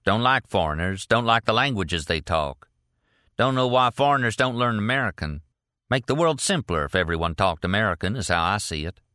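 A man's voice: lowish voice, a little fast, bright, forceful tone, no room sound, clean studio sound. A man doing a blunt drawling Texan. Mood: grumbling. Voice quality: drawling, curt and plainspoken. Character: short blunt Texan man in cowboy boots.

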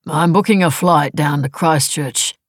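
Woman reading a curt evasive older husband, clipped lines, husky low voice. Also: unhurried, no echo, clean studio sound.

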